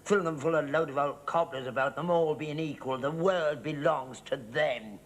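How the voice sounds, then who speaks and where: A man's voice: on the high side, normal speed, close to an everyday voice, poor audio. An actor playing a stubborn, cheeky older father with a London working-class accent, smug and mocking. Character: cheeky old Tory-loving father, stubborn. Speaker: sitcom actor. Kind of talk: studio sitcom acting.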